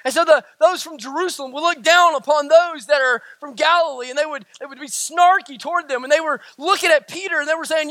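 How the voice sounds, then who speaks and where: Southern US pastor, man, very high bright voice, sermon that surges to shouts and drops to hushes. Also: fast talker, hardly any pauses, no room sound. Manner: dramatic swings from shouting to hushed near-whispers.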